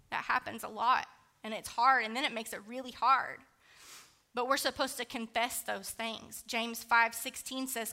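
A woman delivers a sermon in a bright, forceful voice pitched a bit high. She talks candidly and conversationally, weaving scripture into a personal story with casual fillers. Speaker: preacher.

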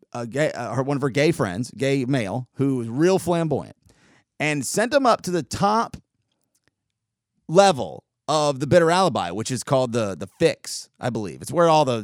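A man's voice: medium pitch, no room sound, studio quality. Sarcastic man spinning a story. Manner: sarcastic, animated, quick asides. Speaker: podcast host. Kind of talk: casual storytelling monologue.

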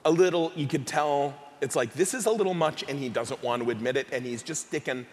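A man's voice: fairly high pitch, fairly quick, in a large hall. Rambling male tabletop player. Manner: rambling, hedging with "like". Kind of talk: casual chat at a game table.

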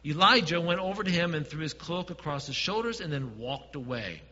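Male pastor, higher bright voice, sermon in a reverberant hall, muffled sound. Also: expressive, a little fast. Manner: preaching with quiet dips and emphatic swells.

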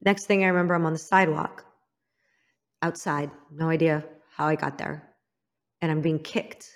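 A woman from Illinois telling her own story as an interview guest, frank and emphatic, dropping to a hushed voice for the painful memories. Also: sits low, brisk. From Illinois, United States. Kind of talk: candid personal storytelling.

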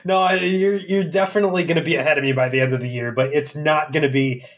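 A man's voice: on the high side, steady tone, quick pace, noisy background. A man co-hosting a podcast in casual chat, easygoing and laughing. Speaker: podcast co-host.

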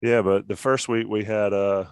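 A man's voice: fairly low pitch, little pitch movement, moderate pace, smooth, dry recording, clean studio sound. A man hosting a casual sports talk show, joking and steering the conversation. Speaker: podcast host.

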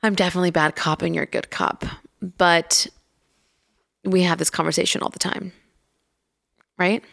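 A woman's voice: fairly low pitch, fairly even intonation, normal speed, creaky, fairly bright tone. A woman in her thirties co-hosting a casual podcast, telling family stories in a chatty way full of fillers. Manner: chatty storyteller, lots of fillers. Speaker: podcast co-host, mother. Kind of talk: casual chat.

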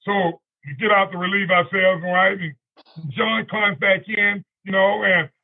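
A man's voice: sits high, fairly even intonation, unhurried, gravelly, phone-quality sound. A man telling a long anecdote as a guest on a radio talk show, rambling and peppering it with "you know" and "right?". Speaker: guest storyteller.

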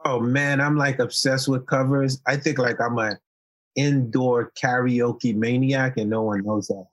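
A man from Haiti, a guest in a casual interview, telling stories in a relaxed, playful way and laughing often. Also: medium pitch, unhurried, no room sound.

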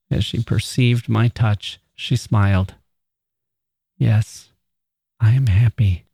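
A man narrating a literary story in a slow, deliberate, measured way. His voice is mellow and low-keyed, and the recording is dry and close with no room sound. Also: creaky, no echo. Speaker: podcast host reading a story.

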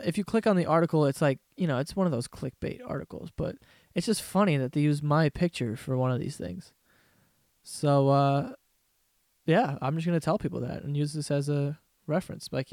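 Young male podcast host, loose profane storyteller, slightly high voice, dry mic. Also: darkish tone, dry recording. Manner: profane, rambling storyteller with frequent laughs. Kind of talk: casual solo comedy podcast rant.

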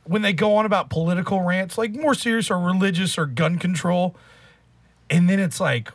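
A man ranting in a casual chat, cursing freely as he goes. His voice sits fairly high for a man, recorded dry and close. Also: moderate pace, no room sound. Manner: ranting, heavy swearing. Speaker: podcast co-host.

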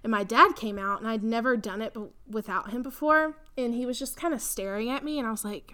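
A woman's voice: a little high, a little fast, hardly any pauses, sharp tone. A young woman, co-hosting a podcast in casual chat, rambling with lots of fillers and frequent laughter. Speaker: podcast co-host.

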